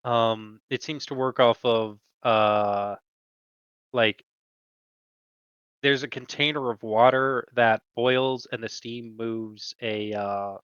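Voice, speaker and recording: Slow, halting male game master. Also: mid-range voice, steady tone, fairly bright tone, clear, resonant tone, no echo, lo-fi sound. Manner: slow, halting narration with many fillers. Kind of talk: narrating a tabletop game.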